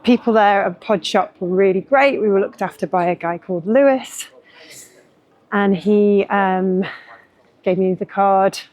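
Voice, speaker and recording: A woman's voice: mid-range voice, a little slow, darkish tone. Chatty self-deprecating woman. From northern England. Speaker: journalist and vlogger. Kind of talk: casual vlog chat.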